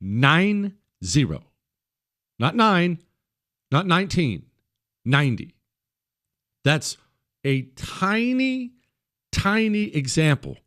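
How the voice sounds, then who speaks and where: A man hosting a talk radio show, delivering a conversational monologue and repeating points for emphasis. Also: a little high.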